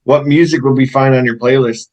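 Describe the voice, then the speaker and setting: A Canadian man hosting an interview, asking easygoing questions with halting restarts. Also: medium pitch, steady tone, crowd noise, rough recording. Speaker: podcast host.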